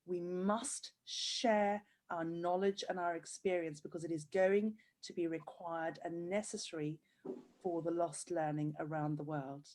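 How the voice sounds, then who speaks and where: A woman's voice: on the low side, steady tone, measured pace, darkish tone. A woman hosting a video-call interview, tearful and gushing with praise for her guest. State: crying. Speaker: host of handwriting program.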